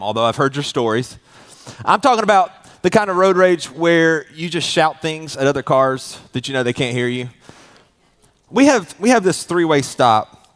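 High-voiced pastor preaching. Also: male voice, a bit bright. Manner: conversational storytelling, rhetorical questions to the congregation. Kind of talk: sermon.

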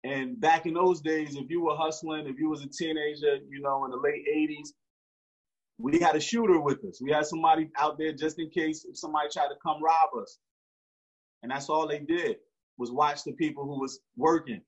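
A man's voice: fairly high pitch, moderate pace, slightly rough. A man, telling a story in slangy street talk with frequent restarts. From Newark, New Jersey. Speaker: interview guest. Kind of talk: casual storytelling. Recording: dull lo-fi recording.

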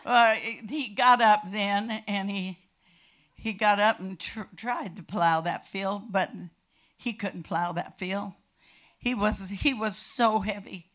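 An older woman from California telling her family's faith testimony in a lively storytelling way that swells into shouting. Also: medium pitch, slow pace. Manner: animated storytelling, bursts into shouting. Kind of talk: personal testimony.

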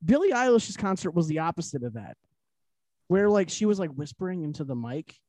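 High-pitched podcast host guy, rambly, keeps restarting, dry close sound. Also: sing-song, fairly quick, darkish tone, dry recording. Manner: rambling, lots of restarts and fillers. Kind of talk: casual podcast chat.

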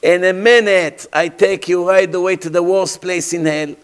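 A man with a fairly high voice delivers a sermon as a rabbi. His English is imperfect in grammar, and he tells vivid stories, throwing rhetorical questions at his listeners. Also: fairly even intonation, moderate pace, clean tone.

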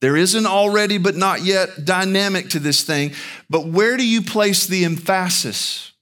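A pastor preaches a sermon, slow and emphatic, posing rhetorical questions to the congregation. His delivery is animated, with big swings in pitch.

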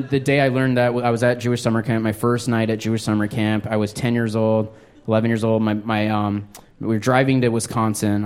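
A man in his thirties telling a self-deprecating story on stage, breaking into high, acted-out quotes. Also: darkish tone. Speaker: stand-up comedian. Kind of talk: stand-up storytelling. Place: comedy stage before a live audience.

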